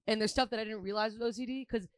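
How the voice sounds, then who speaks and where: A man's voice: high-pitched, steady tone, very fast, no room sound. A man co-hosting a podcast, talking earnestly in casual chat. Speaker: podcast co-host.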